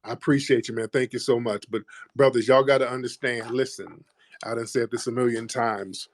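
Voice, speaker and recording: A male host of a call-in show, blunt and confrontational. He lectures his listeners and presses callers hard. His voice sits at an ordinary pitch, recorded dry and close. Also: fairly even intonation, a little fast, dry recording. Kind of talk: heated casual talk.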